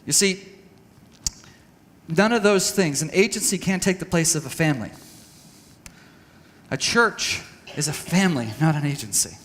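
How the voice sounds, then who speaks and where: A man giving an earnest, halting talk to a church audience, telling a personal story and acting out conversations. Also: a little high, expressive, fairly bright tone, long reverb tail. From United States. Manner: earnest, halting with restarts, acts out dialogue. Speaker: speaker at a church training session. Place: church hall.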